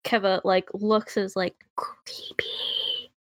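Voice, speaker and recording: High, lively-voiced woman player. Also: measured pace, no room sound, clean studio sound. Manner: chatty, hesitant, full of "like". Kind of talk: playing a tabletop game.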